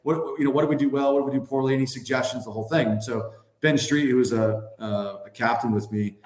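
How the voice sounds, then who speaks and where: A man in his thirties, a guest on a podcast, telling a story in casual chat. He talks in an animated way, full of "like" and "I mean". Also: medium pitch, fast. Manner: animated, acts out quoted voices, many "like" and "I mean" fillers. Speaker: podcast guest, former hockey player. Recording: roomy echo.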